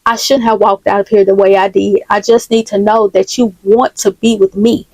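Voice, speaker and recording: A woman's voice: medium pitch, flat delivery, moderate pace, darkish tone, no room sound, natural voice, poor audio. Woman doing an earnest devoted boyfriend.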